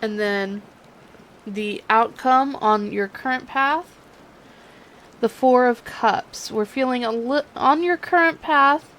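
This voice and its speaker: In a poor-quality recording, a tarot reader chats casually through a reading, her Californian accent drifting into a southern drawl as she teases herself. She is a young woman whose slightly high, fairly bright voice moves at an unhurried pace.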